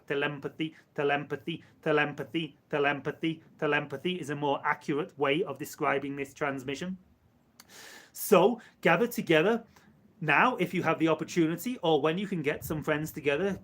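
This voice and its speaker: A man in a live channeling session who speaks as a collective "we", in measured, repetitive phrases. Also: a little high, a bit bright. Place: live stream.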